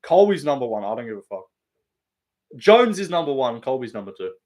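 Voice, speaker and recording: A man's voice: mid-range voice, big pitch swings, a little fast, a little mellow. A young man rambling casually and profanely on a live stream, laughing often and reading chat.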